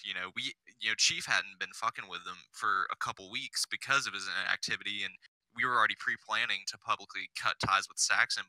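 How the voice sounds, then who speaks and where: On a casual podcast, a male guest with a lowish voice and sharp tone rambles through a long, profane story packed with "you know" and other fillers. The recording is dry and low in quality.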